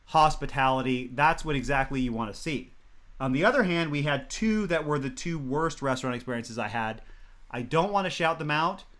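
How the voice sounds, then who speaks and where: A man co-hosting a casual chat, telling stories in an animated way with bursts of laughter. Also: medium pitch. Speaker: podcast co-host.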